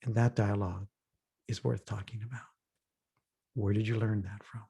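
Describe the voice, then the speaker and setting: A man's voice: fairly low pitch, steady tone, normal speed, gravelly, mellow, slightly rough. A man leading a workshop dialogue, earnestly telling stories and acting out the people he quotes. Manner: earnest storyteller, acts out quoted voices. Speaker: workshop facilitator. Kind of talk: reflective workshop talk.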